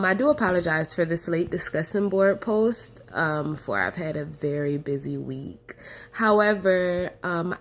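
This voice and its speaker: A young adult woman, a student, casually telling her classmates a personal story in a chatty way. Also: low-pitched. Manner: chatty, animated when quoting others.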